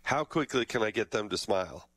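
A man's voice: lowish voice, expressive, a little fast, fairly bright tone, no echo. Jokey middle-aged man hosting. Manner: jokey, self-deprecating storyteller. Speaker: host. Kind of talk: casual interview chat.

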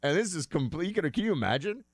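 A man's voice: a little high, big pitch swings, fast, husky, dry recording. A man hosting a talk show, delivering a chatty, rambling monologue into a close studio mic. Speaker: host.

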